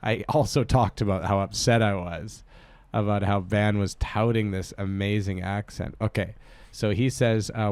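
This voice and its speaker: A man co-hosting a comedy podcast, rambling and excitable, swearing casually as he reads listener suggestions. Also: fairly low pitch, a little slow, hardly any pauses, no echo. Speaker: podcast co-host.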